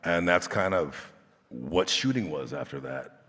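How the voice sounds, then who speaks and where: Actor guest on a convention panel, an unhurried storytelling man, low voice, echoing big hall. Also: husky. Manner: relaxed storyteller, laughing often. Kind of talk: anecdotal storytelling. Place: large convention stage. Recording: reverb of a large hall.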